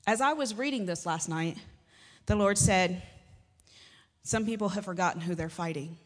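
A woman's voice: mid-range voice, moderate pace. Woman preaching in a reverberant church. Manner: conversational and joking, with sudden emphatic rises. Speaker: pastor. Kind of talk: sermon. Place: church sanctuary. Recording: long hall reverb.

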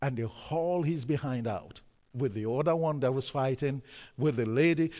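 A man preaching a sermon through a story, emphatic, repeating key words and pausing on fillers. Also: medium pitch, a little mellow, big-room sound.

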